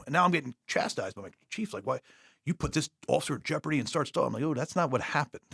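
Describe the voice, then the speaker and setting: A man's voice: medium pitch, rapid-fire, creaky, slightly rough, no room sound, clean studio sound. A man on a podcast, a police officer and guest, telling stories in a casual, profane, rambling way and acting out the dialogue. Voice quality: profane, rambling, animated retelling with quoted dialogue. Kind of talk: casual storytelling. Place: podcast studio.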